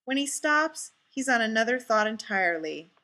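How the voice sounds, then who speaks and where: Bright-voiced woman reading a story. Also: a little high, big pitch swings, moderate pace. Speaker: story reader. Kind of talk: audiobook story reading, first-person narration.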